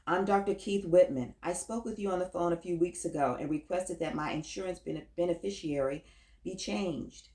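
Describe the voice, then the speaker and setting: A cocky, smooth-talking male doctor in his thirties, self-assured and flirting, as a woman reads him in her own low voice. The voice sits fairly deep and the recording has a roomy echo. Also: moderate pace, darkish tone, natural voice. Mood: polite.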